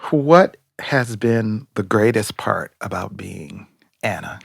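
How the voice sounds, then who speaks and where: Gravelly man asking quick questions. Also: fairly low pitch, lively intonation, no room sound, studio quality. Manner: brief questions, lots of agreeing murmurs. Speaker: podcast co-host. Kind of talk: casual interview chat.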